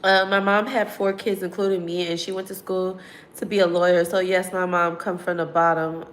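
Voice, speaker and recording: A woman's voice: on the low side, flat delivery, moderate pace, a little hiss or hum. A woman vlogger talking candidly and emotionally to her viewers, rambling and profane, close to tears. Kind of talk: emotional confessional livestream talk.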